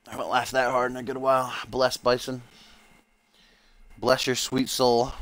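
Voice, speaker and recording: A man's voice: mid-range voice, level tone, normal speed, a bit bright, dry recording. A man streaming live, doing playful mock-broadcast play-by-play commentary on a wrestling video game, with the odd swear.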